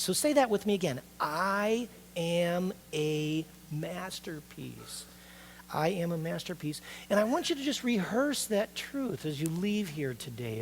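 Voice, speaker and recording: A middle-aged man preaching a sermon as a pastor, conversational and animated, asking the congregation rhetorical questions. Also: on the high side, a little hiss or hum.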